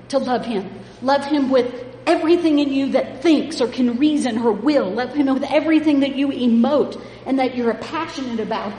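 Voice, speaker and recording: Emphatic woman preaching in an echoey hall. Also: darkish tone. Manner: emphatic, rising in pitch and volume when stressing words. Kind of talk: sermon. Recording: echoey hall with faint background noise.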